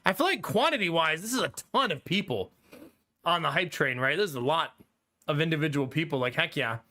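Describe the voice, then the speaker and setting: A slightly high, expressive male voice with a sharp tone moves at a brisk clip. The speaker is an Ohio man chatting on a live stream, cracking jokes and laughing often into a quality studio condenser microphone.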